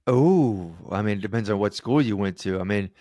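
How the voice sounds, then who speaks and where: A man's voice: on the low side, animated, normal speed, warm tone, no echo, studio quality. A man co-hosting a comedy podcast, telling stories in casual chat, acting out quoted people and laughing often. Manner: storytelling, acts out quoted voices, laughs often. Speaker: podcast co-host.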